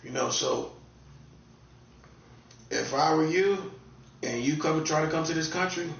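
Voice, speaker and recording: Laid-back North Carolina man, gravelly voice. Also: on the high side, unhurried, a bit bright, a little hiss or hum. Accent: North Carolina Southern. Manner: laid-back drawl, repetitive, warning tone. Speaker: online commentator. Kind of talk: casual monologue. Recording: distant, echoey, dull lo-fi room sound.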